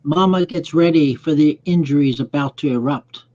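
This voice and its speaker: A man's voice: on the high side, moderate pace, mellow. A man hosting a casual online group chat who reads a short poem of his own aloud. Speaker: live chat host. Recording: dull lo-fi call audio.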